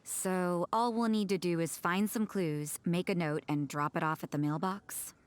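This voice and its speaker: An aloof church sister from a game, voiced by a woman. She speaks in short, curt sentences. Her voice sits fairly low for a woman. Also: steady tone, moderate pace, clear, resonant tone, lightly acted. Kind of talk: game voice acting.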